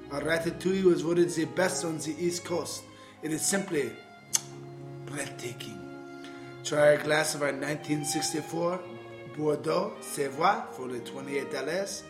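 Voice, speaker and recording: A man playing a suave French bistro chef with a put-on French accent, giving a radio ad in a smooth, drawn-out way. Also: on the high side, echoey room, over music, close to an everyday voice. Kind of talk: comedy radio ad.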